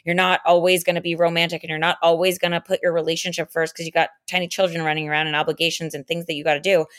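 Earnest, low-voiced woman co-host. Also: flat delivery, rapid-fire, a bit bright. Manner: earnest, long explanatory turns. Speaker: podcast co-host. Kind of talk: casual chat.

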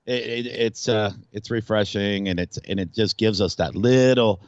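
A male radio host in casual sports talk, animated and rambling, with frequent restarts. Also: on the low side, moderate pace, no room sound, lo-fi sound.

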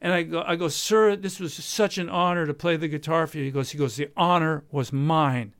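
A man, a jazz guitarist and podcast host from Southern California, telling a long anecdote in a casual interview, with many pauses and quoted dialogue. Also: fairly high pitch, steady tone, no room sound. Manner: rambling anecdote with many uhs, quoting others.

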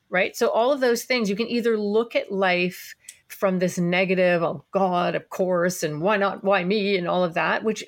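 A woman hosting an interview podcast in casual chat, enthusiastic and encouraging. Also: mid-range voice. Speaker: podcast host. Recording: hollow, barrel-like sound.

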